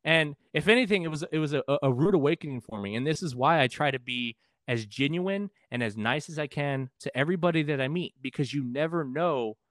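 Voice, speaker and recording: A man's voice: a little high, animated, brisk, few pauses, dry recording, studio quality. Profane, rambling man telling a story. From San Antonio, Texas. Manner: profane, rambling, frequent restarts. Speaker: podcast guest, musician. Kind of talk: casual storytelling.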